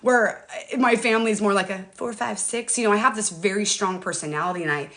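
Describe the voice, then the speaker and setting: A woman's voice: medium pitch, fairly quick, fairly bright tone. Middle-aged woman, casual livestream chat, chatty and emotional, talks straight to her viewers, phone or webcam mic. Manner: chatty, emotional, addresses viewers as "you guys". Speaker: livestream host.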